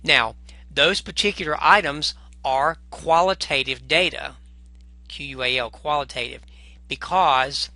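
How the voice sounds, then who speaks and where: A man's voice: medium pitch, bright, forceful tone, no room sound. A man teaching a recorded math lesson at a whiteboard, chatty and self-correcting, with apologetic asides as he goes.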